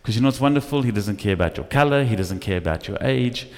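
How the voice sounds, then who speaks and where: A male pastor preaching a sermon, telling stories with lively acted asides in a church. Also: mid-range voice, fast. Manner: animated storytelling with acted asides. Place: church hall. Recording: echoey church hall.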